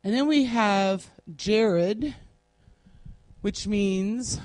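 A woman teaching a Bible class in a classroom, deliberately spelling out word meanings one at a time while she writes on a board. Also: mid-range voice, expressive, a little mellow, dry recording.

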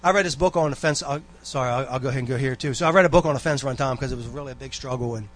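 Speaking rapid-fire at a medium pitch, a man addresses his church congregation. As a church member giving a talk, he offers a rambling, folksy exhortation packed with asides and personal stories.

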